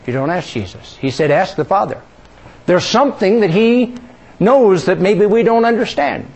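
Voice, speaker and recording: A male preacher giving a sermon, questioning the congregation and drawing answers, dropping soft and low on key words. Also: expressive, normal speed, breathy edge.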